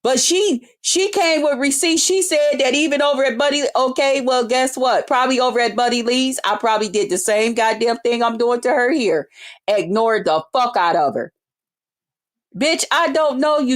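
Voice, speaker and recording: A woman with a high voice ranting hard in a vlog. Her talk is brash and trash-talking, thick with constant swearing. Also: animated, moderate pace. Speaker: vlogger. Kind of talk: profane ranting monologue.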